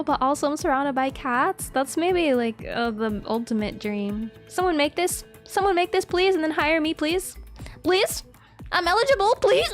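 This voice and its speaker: A young woman chatting casually as a streamer, giggly and excitable, swearing freely. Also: sits high. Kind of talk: casual chat.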